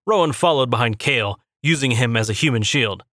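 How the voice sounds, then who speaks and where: A man narrating a fantasy story in a steady, measured reading. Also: medium pitch, no echo, studio quality. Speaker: audiobook narrator.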